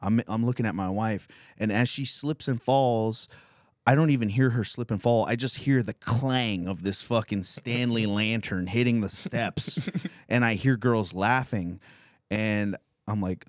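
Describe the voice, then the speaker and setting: A man's voice: lowish voice, moderate pace, no echo, studio quality. A man in his thirties hosting a podcast, telling a crude comedic story in a profane, rambling way and laughing through his lines. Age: 30s. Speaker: podcast host.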